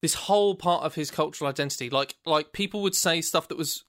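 A man's voice: a little high, quick pace, a bit bright, no room sound, studio quality. A British man co-hosting a podcast, rambling enthusiastically about music in casual chat. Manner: rambling, enthusiastic, laughs often. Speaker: podcast co-host.

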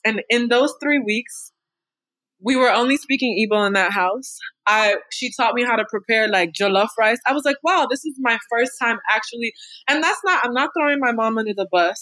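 A woman's voice: a little high, fairly quick, bright, forceful tone, no room sound. A young woman in an interview telling personal stories frankly and with animation, laughing often. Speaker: interview guest. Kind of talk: candid personal storytelling.

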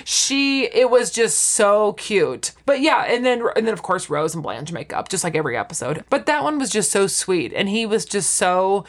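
As a podcast co-host, a woman chats casually about a TV show, animatedly retelling scenes, acting out quotes and laughing often. Her mid-range voice moves at a normal speed with few pauses.

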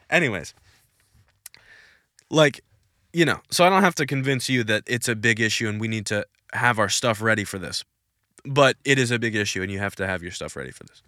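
A man's voice: mid-range voice, brisk, bright, forceful tone, dry recording, clean studio sound. A man hosting a Christian podcast Q&A, answering questions in an emphatic, insistent, preachy way and repeating his points. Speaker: podcast host.

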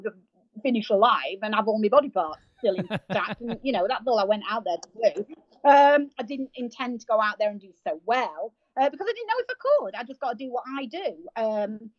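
Woman rambling thru her stories, laughs at herself, slightly high voice, dry close mic, kinda dull lo-fi sound. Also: no room sound. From United Kingdom. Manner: lively, self-mocking, many fillers and restarts. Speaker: guest, marathon runner. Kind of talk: casual storytelling in an interview.

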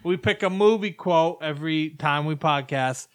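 A man's voice: fairly high pitch, normal speed, clean tone. A man hosting a casual podcast, rambling through explanations and laughing often. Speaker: podcast host. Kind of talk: casual chat.

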